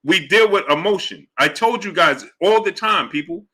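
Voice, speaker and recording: A man hosting a live boxing stream, arguing his point with repetition and greeting chat members in a lower voice. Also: moderate pace, husky. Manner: animated, argumentative, repeats points; drops low and soft for chat shout-outs. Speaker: boxing show host.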